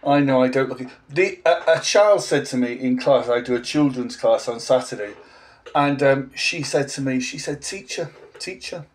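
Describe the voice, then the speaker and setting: A man in his forties who teaches languages rants through a blunt, sarcastic vlog monologue in an English accent. His voice is mid-range and his pace moderate.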